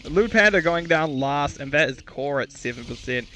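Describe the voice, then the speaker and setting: A man's voice: a little high, lively intonation, normal speed, sharp tone, slight background noise. A man giving solo esports commentary, chatty and self-mocking, stumbling over player names and correcting himself. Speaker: esports caster.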